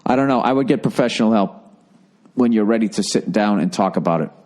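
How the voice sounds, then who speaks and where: A man's voice: fairly low pitch, fast, darkish tone. Blunt, profane middle-aged man. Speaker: podcast host. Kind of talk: casual advice rant.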